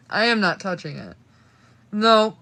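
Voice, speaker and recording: Shaky and hurting, a young woman talks casually to her livestream audience, letting out nervous laughs and curses as she goes. Her voice sits in the mid-range and has a sharp edge.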